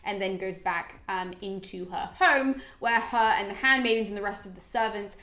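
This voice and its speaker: A woman's voice: medium pitch, moderate pace, reverberant. A young woman hosting a casual, chatty summary, gushing and full of "like". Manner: gushing, animated, filler-heavy with "like". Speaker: host.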